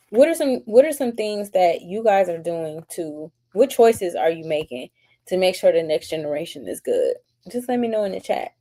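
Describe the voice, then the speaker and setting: Hosting a live-streamed book club, a woman with a lowish, mellow voice reads passages aloud. She's chatty, upbeat and gushing as she responds to comments from the chat.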